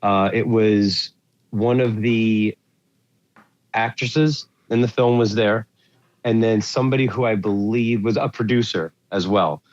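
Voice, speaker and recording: A man's voice: fairly low pitch, steady tone, unhurried, a little mellow, dull audio. A man co-hosting a movie podcast, chatting casually and rambling with lots of fillers as he searches for words. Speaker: podcast co-host. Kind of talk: casual chat about movies.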